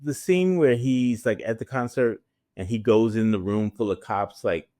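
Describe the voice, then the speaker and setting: A man's voice: fairly low pitch, moderate pace, dark tone, no room sound, studio quality. A man hosting a podcast in casual chat, joking around and swearing freely. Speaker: podcast host.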